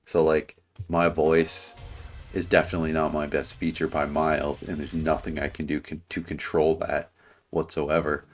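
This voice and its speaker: A man with a very deep voice and a slight lisp talks through dating advice in a flat, level delivery. He rambles earnestly and restarts his sentences often. Faint music plays underneath him. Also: moderate pace. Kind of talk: casual reaction commentary.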